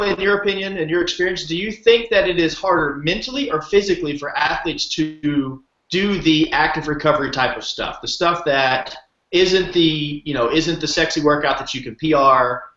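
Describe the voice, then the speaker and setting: A man's voice: a little high, pushed and bright. A man hosting a podcast interview, asking long, rambling questions with enthusiasm. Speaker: podcast host. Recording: roomy, dull lo-fi sound.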